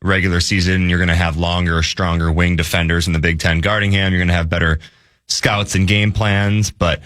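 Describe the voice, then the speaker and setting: Deep-voiced young man, earnest. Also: flat delivery, brisk, a bit bright, no echo, studio quality. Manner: earnest, with frequent restarts and fillers. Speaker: sports radio guest analyst. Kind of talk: casual sports talk. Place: radio studio. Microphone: studio mic.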